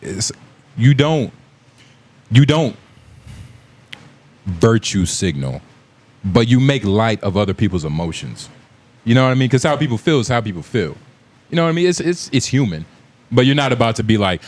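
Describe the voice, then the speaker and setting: A man's voice: on the low side, big pitch swings, moderate pace, pauses often, a little mellow. A man hosting a casual podcast, joking and riffing loosely with lots of fillers. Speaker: podcast host.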